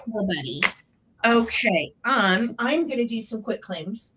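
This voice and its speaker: A woman's voice: mid-range voice, lively intonation, unhurried, background noise. A woman co-hosting a live vintage sale, chatting sweetly and gushing over the items. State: throat tickle, clearing throat. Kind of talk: live selling chat.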